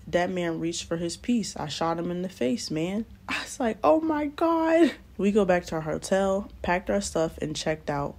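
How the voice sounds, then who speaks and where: A woman's voice: low-pitched, gravelly, darkish tone. A young woman vlogger telling a story in a casual, slangy, blunt way while doing nails on camera, recorded close to the mic.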